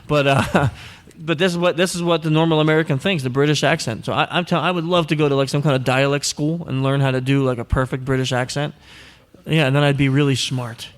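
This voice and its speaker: A man's voice: on the high side, steady tone, fairly quick. A male podcast host speaking live in front of an audience at an event. He answers questions casually, teases his co-hosts, and slips into playful voices when quoting people. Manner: joking, teasing, acts out quoted voices.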